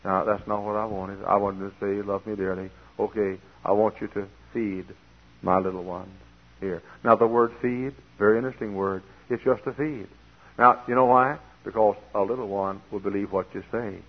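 A man preaching a folksy sermon in a church, sometimes swelling into loud, emphatic preaching. His voice is a bit husky, and it comes through a tinny, lo-fi old recording. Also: fairly low pitch, steady tone, moderate pace. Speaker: pastor.

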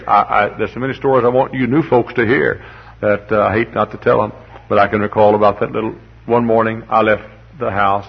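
A male pastor with a husky, lowish voice delivers a sermon full of folksy storytelling, rambling and humorous, tripping over repeated words. He then builds to emphatic declarations, on a dull, lo-fi sound like an old recording.

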